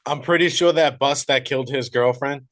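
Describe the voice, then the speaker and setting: A man's voice: mid-range voice, normal speed. A man co-hosting a podcast, chiming in with jokey asides in casual chat. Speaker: podcast co-host.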